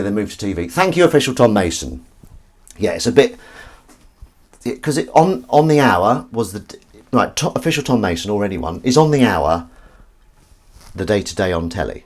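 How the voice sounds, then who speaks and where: Lively, low-voiced man chatting. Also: moderate pace. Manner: chatty, swears casually, reads chat aloud. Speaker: streamer and actor. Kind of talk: casual live-stream chat while washing up. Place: kitchen sink. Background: running tap water and dish clatter.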